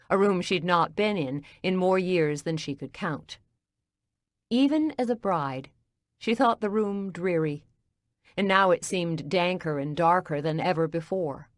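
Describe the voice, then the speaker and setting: A woman reading a cozy mystery audiobook as narrator, in a calm, even storytelling manner. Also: fairly low pitch, unhurried, dry recording, studio quality.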